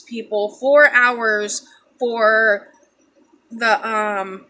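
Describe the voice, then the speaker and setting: Tearful young woman, halting and bright. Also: on the high side, fairly even intonation, slight background noise. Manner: halting, repeats herself, addresses viewers as people. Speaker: vlogger. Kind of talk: emotional personal storytelling.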